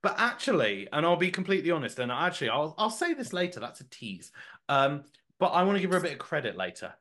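A man's voice: on the high side, quick pace. A man hosting a casual podcast, rambling and joking with plenty of fillers. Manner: animated, jokey, rambling with fillers. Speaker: podcast host.

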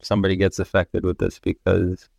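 Earnest low-voiced New York man. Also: monotone, a little fast, vocal fry, a little mellow, no echo, studio quality. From Russia. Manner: earnest, emotional storytelling with many fillers. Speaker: podcast guest. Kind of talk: casual conversational interview.

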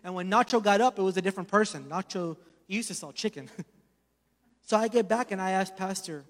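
A man preaching a sermon, telling stories and swinging between loud emphasis and hushed asides. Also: sits high, fairly quick. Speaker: pastor. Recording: long hall reverb.

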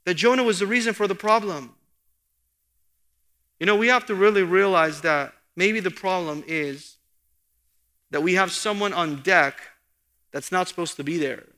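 Male pastor, earnest sermon delivery with emphatic lifts, bright tone, reverberant hall. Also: high-pitched, moderate pace, long pauses. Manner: earnest preaching, rising for emphasis. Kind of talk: expository sermon.

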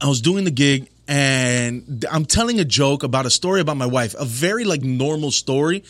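A man's voice: mid-range voice, lively intonation, moderate pace, fairly bright tone, no room sound. A man in his thirties, a stand-up comedian, telling profane stories in a casual podcast chat. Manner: profane, storytelling, laid-back.

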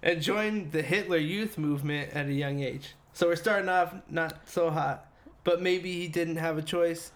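Give me a man with a fairly high voice co-hosting a loose podcast. He reads his notes aloud, then breaks off into crude, joking asides. He laughs often as he goes. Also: fairly even intonation, moderate pace. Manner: laughs often mid-sentence. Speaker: podcast co-host reading the story. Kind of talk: casual podcast chat.

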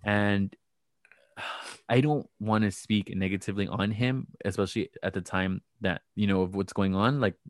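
A man's voice: on the low side, moderate pace, dry recording. A man co-hosting a casual podcast, recapping reality TV in a gossipy, sarcastic way and acting out the people he quotes. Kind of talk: casual chat.

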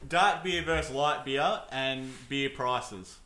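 A man's voice: medium pitch, slow, pushed and bright, echoey room. A man co-hosting a podcast, telling a story hesitantly with many ums and restarts. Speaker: podcast co-host. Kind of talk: casual storytelling.

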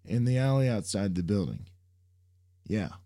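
A man's voice: on the low side, animated, unhurried, mellow, voice pushed up. A man voicing a laid-back, reluctant young man who banters sardonically. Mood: wry.

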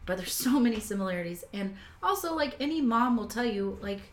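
A woman with a slightly high, expressive voice, speaking a little fast, tells a personal story in casual conversation. She's talkative and emotional, full of fillers and restarts. The room is echoey with faint background noise, including faint kitchen sounds.

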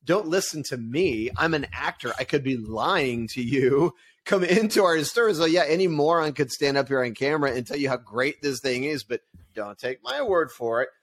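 Animated man in casual business chat. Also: mid-range voice, normal speed. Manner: animated, acts out ad voices, laughs easily. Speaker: podcast co-host.

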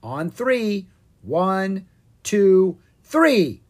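A reader voicing a gentle, doting father dragon in a storybook. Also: medium pitch, big pitch swings, drawn-out words, pitched above the performer's own voice, exaggerated voice.

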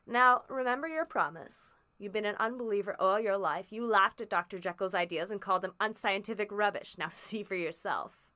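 A woman's voice: medium pitch, moderate pace, fairly bright tone, close to an everyday voice. A woman voicing an impatient sinister man. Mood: menacing. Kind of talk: audiobook reading.

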